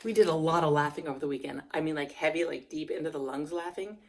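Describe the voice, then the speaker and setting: Hoarse, chatty woman in her fifties. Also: low voice, steady tone, quick pace, darkish tone. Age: 50s. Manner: chatty, rambling, laughs often. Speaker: vlogger. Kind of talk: casual chat.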